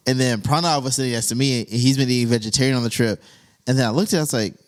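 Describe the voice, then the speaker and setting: A man's voice: mid-range voice, rapid-fire. A young man hosting a casual chat, telling stories with lots of laughter. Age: young adult. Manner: animated storyteller, laughs often, goes on tangents. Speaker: podcast host.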